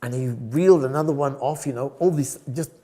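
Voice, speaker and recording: An older man, a photographer guest, telling stories in an animated, laughing way, peppering his talk with "right?". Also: mid-range voice, a little fast. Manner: lively, laughing, tag questions like "right?". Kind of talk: animated storytelling interview. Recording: long hall reverb.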